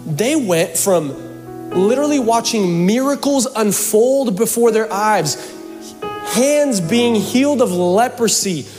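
A man's voice: high-pitched, lively intonation, takes it slowly, big-room sound, music in the background. A pastor from Seattle preaching a sermon to his congregation in church, mixing scripture with jokes and playful asides. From Seattle, USA.

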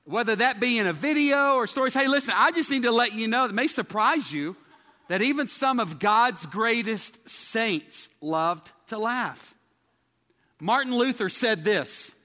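A man preaches a lighthearted sermon to his congregation. His voice sits high and sounds bright and forceful, and he keeps tossing questions out to the crowd. A long reverb from the church hall trails after his words. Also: expressive, measured pace. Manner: chatty, asks the congregation questions. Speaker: pastor. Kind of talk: humorous sermon. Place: church sanctuary.

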